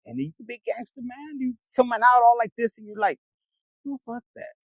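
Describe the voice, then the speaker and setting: A man's voice: very high voice, fairly quick, dry recording, rough recording. A man giving a casual tarot reading, rambling and streetwise, swearing freely as he talks to viewers. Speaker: tarot reader.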